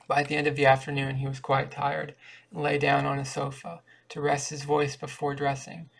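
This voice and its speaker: Gravelly-voiced man reading a story. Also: on the high side. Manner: flat, measured reading with occasional restarts. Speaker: audiobook reader. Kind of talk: reading a short story aloud.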